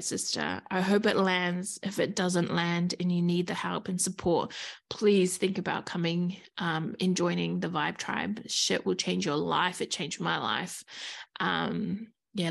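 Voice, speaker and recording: A woman in her thirties speaks straight to her listeners in a casual, motivational podcast monologue. Her voice has a gravelly, fry-edged texture, and her words are earnest and frank, with plenty of swearing. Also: on the low side, fairly even intonation, a little slow. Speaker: podcast host.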